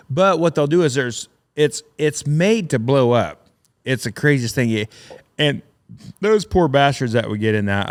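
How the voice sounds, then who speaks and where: A middle-aged man, a welder and military veteran, telling rambling, profane war stories with frequent laughs as a podcast guest. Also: medium pitch. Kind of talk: casual storytelling.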